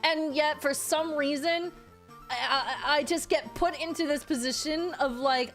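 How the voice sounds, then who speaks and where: A woman's voice: high-pitched, steady tone, a little slow, faint music behind. A woman streamer chatting casually with her viewers. She gets worked up easily, swears freely and often repeats her phrases.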